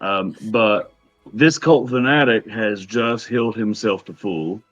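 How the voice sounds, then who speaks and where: A man acts as game master for a tabletop game, narrating in an unhurried, halting way full of fillers and pauses. His voice sits on the low side. The recording itself is a little dull and lo-fi. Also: fairly bright tone, faint music behind. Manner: hesitant, many pauses and fillers.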